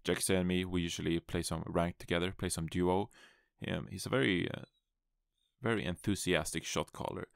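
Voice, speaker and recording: Low, gravelly man hosting a solo podcast. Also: steady tone, moderate pace, dry recording, studio quality. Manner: upbeat, rambling, self-amused, with restarts. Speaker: podcast host and esports analyst. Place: his apartment.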